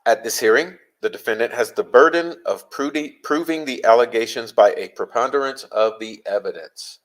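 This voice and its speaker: A medium-pitched man plays a legal commentator, reading legal passages aloud and explaining them deliberately while stressing key phrases. The recording quality is low.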